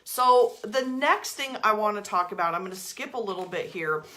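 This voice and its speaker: A woman in her forties, a coach leading a live book club talk in an energetic, casual way, swearing and trailing off mid-sentence. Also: medium pitch, moderate pace. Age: 40s. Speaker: life coach.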